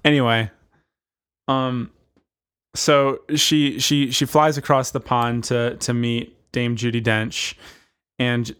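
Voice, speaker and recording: A man co-hosting a casual podcast, spinning a story as he goes. He rambles with lots of fillers and restarts, in a playful tone at an ordinary middle pitch. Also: flat delivery, takes it slowly, long pauses, a bit bright, clean tone. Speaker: podcast co-host. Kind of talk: casual chat, improvised movie pitch.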